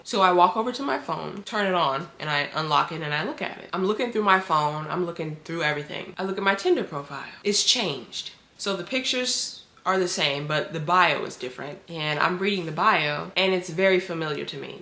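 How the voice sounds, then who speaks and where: A woman's voice: low-pitched, pushed and bright. A young woman telling a dramatic storytime in a casual vlog, with many likes. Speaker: vlogger. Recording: roomy room echo.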